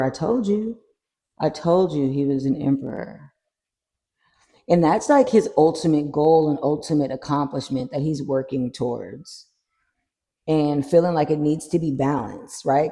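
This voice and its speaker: A tarot reader chatting casually through a card reading, animated and swearing freely. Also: mid-range voice, vocal fry. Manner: animated, swears freely, acts out little scenes.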